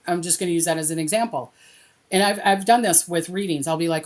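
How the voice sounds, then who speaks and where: A middle-aged woman, a spiritual reader, telling personal stories in a casual, animated way and acting out the voices of people she quotes. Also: fast. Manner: animated, acts out quoted dialogue with lively pitch jumps. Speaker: interview guest, spiritual reader. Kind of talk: casual conversational storytelling.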